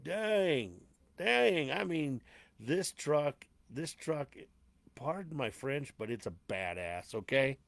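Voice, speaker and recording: A man's voice: mid-range voice, animated, slow pace, no room sound. Chatty male host, dry close sound. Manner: loose, chatty, greets viewers like a stage crowd; rambling, with frequent fillers and mild cursing. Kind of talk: casual live show hosting.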